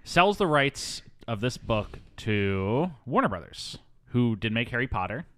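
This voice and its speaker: A man's voice: mid-range voice, very animated, measured pace, a bit bright. A man hosting a casual movie podcast, chatty with frequent ums and asides. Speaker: podcast host.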